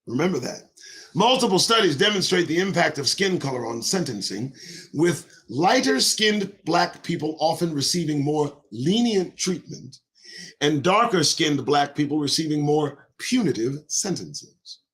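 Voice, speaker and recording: A man's voice: fairly high pitch, expressive, unhurried, a bit bright. A middle-aged man reading a report aloud and breaking off into fiery commentary, repeating key lines and firing pointed questions at his listeners.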